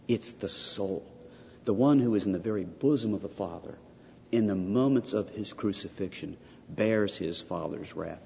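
An older man's fairly low voice, touched with vocal fry, presses theological points with emphatic repetition and rhetorical questions. The dull, lo-fi recording carries a little hiss or hum and a long hall-like reverb.

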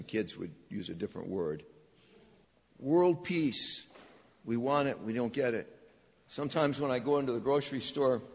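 A man's voice: medium pitch, husky. A man preaching a sermon from the pulpit, emphatic and repetitive for emphasis, with touches of dry humor. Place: church sanctuary. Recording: dull echoey church recording.

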